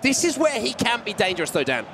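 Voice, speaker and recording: A high-voiced man calls an esports football match play by play, lifting his voice with excitement as chances come. Faint noise hums under the recording. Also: fast talker. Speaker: esports commentator. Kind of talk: play-by-play commentary.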